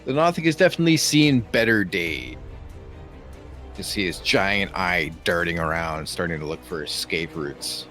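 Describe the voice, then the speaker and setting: A man's voice: sits low, lively intonation, moderate pace, bright, forceful tone, faint music behind. A man running a tabletop game as game master, narrating combat vividly.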